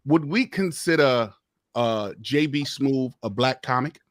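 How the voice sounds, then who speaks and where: A man, a comedian, talking in a lively, emphatic way on a call-in panel discussion. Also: mid-range voice, unhurried, no echo. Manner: lively, emphatic, slips into impressions. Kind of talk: animated casual debate.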